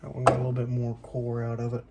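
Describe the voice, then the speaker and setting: A man chats while cooking in his home kitchen, rambling along with lots of asides and poking fun at himself, like a casual cooking vlog. His voice is medium-pitched, monotone, and fast. Heavy background noise runs under it all.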